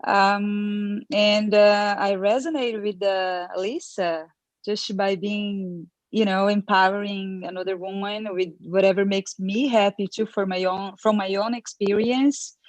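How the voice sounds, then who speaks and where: Slow, dreamy woman on a call. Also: medium pitch, steady tone, dry recording. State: tired. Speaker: yoga and dance teacher, panel guest. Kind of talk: casual video call panel. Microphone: video call.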